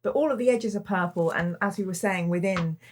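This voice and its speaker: A woman's voice: mid-range voice, brisk, slight background noise. Gushing woman hosting a book podcast. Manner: enthusiastic, gushing, laughing often. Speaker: book club host. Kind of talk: casual podcast chat.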